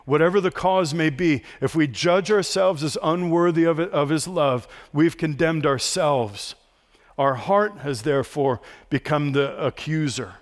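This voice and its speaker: A man's voice: a little high, a little slow. Man preaching an earnest sermon. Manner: earnest preaching to a congregation, asks the room questions. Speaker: pastor.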